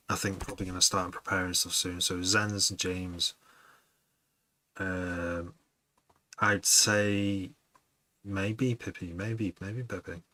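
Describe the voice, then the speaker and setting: Low-voiced, bright-toned man chatting. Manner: rambling, laughs often, muses aloud. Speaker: music producer streaming to chat. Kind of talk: casual chat with livestream viewers.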